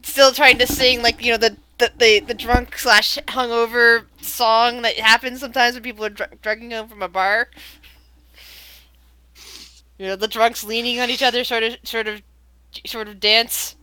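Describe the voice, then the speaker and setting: A woman narrating as game master of a tabletop game, animated and tripping over repeated words. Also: a little high, moderate pace, clean tone, no echo.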